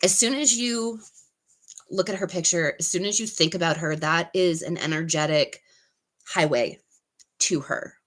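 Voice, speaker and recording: A woman hosting a live tarot stream, giving card readings in a soft, unhurried way with many pauses and fillers. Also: fairly low pitch, poor audio. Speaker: tarot reader and channel host.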